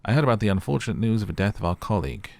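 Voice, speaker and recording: A young man with a very deep voice plays through a story game. He reads the in-game messages out loud and breaks off into loose, casual remarks, full of "like". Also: animated, very fast, creaky, no echo. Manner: chatty, uses "like" a lot. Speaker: gaming YouTuber. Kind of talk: let's play commentary.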